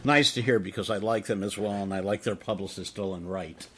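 A middle-aged man hosting a radio interview, talking in a rambling, halting way with many fillers. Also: on the low side, a little hiss or hum. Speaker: radio host.

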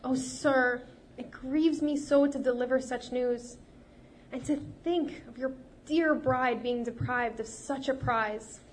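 Figure: a woman doing a cunning female healer. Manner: sweet, soothing, falsely sympathetic. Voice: fairly high, with a faint hiss behind. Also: steady tone, slow pace. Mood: feigned sorrow.

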